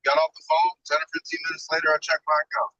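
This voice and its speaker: A man in casual chat, telling a profane, animated story and acting out both sides of a phone call. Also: fairly high pitch, fast, no echo.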